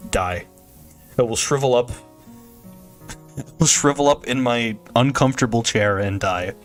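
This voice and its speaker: A young man chatting casually on a game stream, rambling and joking with frequent laughter. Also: fairly low pitch. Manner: rambling, jokey, laughs often. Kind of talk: casual gameplay stream chat.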